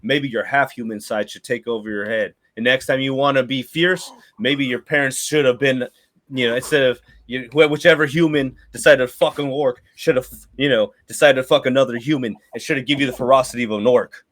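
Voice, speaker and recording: A man's voice: mid-range voice, steady tone, a little fast, fairly bright tone, lightly acted. A man voicing a brash middle-aged mercenary leader who swaggers and talks crude. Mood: scolding.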